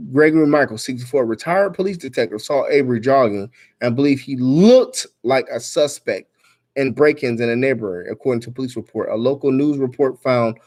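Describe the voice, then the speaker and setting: A man reads a news story aloud and rants about it in an angry, emphatic voice full of swearing. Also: medium pitch. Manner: angry, emphatic, swearing, rising to near-shouts. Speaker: vlogger commenting on news. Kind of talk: reading news aloud and ranting.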